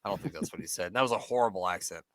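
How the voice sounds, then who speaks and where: A man's voice: low voice, rapid-fire. A man co-hosting a casual podcast chat while watching wrestling, joking, laughing a lot and swearing freely. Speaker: podcast co-host.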